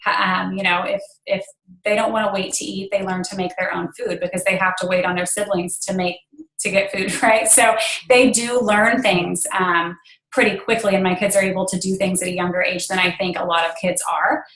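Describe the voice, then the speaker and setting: A woman's voice: medium pitch, steady tone, moderate pace, fairly bright tone, echoey room, rough recording. A woman in her thirties, a guest speaker on a team call, telling a personal story in an earnest way with many fillers. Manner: earnest, emotional at times, filler-heavy.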